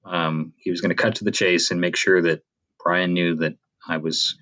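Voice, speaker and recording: A man's voice: deep voice, steady tone, normal speed, pushed and bright. A Canadian-born man co-hosting a podcast in casual chat, rambling with many fillers and restarts. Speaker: podcast co-host.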